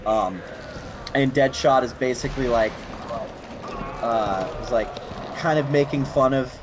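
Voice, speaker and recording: A man's voice: mid-range voice, measured pace, noisy background. A man hosting a gaming stream, chatting casually and laughing often, restarting his sentences. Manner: animated, laughing, many restarts. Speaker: stream host.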